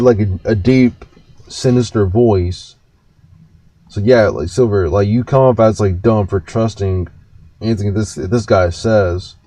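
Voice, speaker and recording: Reacting to a video as a commentary host, this man in his twenties rants, stammers, restarts words and swears freely. His voice is fairly low and mellow, recorded with no echo.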